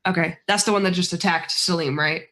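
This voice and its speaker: A woman's voice: fairly low pitch, fairly even intonation, a little fast, pushed and bright. A woman playing a tabletop game, asking questions and checking rules in a casual way. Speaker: player.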